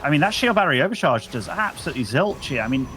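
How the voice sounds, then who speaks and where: A man's voice: a little high, sing-song, very fast, background noise. A man casting a live strategy game match, chatty and upbeat, bantering with his co-caster. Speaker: esports caster.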